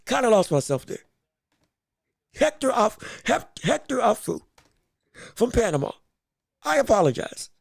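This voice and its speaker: A man with a very high, gravelly voice hosts a casual livestream show. He talks excitably and rambles, repeating words. The sound is dry and close. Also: unhurried, long pauses, dry recording. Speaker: boxing podcast host.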